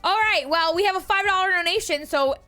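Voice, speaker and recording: Giggly high-voiced woman player. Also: a little fast, soft background music. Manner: giggly, laughs often, excitable. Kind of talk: casual chat at a tabletop game.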